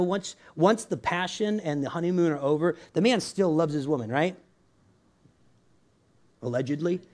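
A male pastor with a slightly raised pitch who preaches like he's chatting with friends. He leans on quick asides, small jokes and a constant "right?" to keep the room with him. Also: darkish tone. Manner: conversational, keeps asking "right?", laughs often. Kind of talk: sermon.

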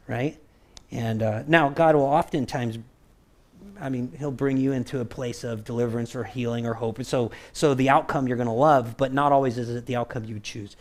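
A man's voice: mid-range voice, moderate pace. A man preaching a conversational sermon as pastor, acting out quoted voices and often checking in with "right?". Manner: animated, acts out quoted voices, keeps asking "right?".

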